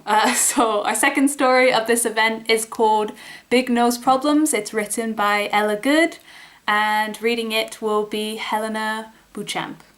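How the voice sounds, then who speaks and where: Brief: female podcast host introducing readings, friendly, slightly high pitch. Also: steady tone, a little slow, a bit bright. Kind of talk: introducing stories on a charity podcast.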